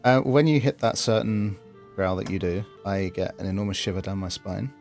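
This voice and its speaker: Low-voiced male streamer chatting. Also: fairly even intonation, moderate pace, gravelly, a little mellow, faint music behind. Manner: laughing, sweary, chatty. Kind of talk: casual stream chat, reading chat aloud.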